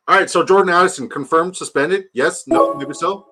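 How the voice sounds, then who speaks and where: A man's voice: a little high, normal speed, bright, forceful tone, slightly rough. A young man chatting casually on a fantasy football stream, rambling and joking, swearing freely. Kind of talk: casual live-stream chat.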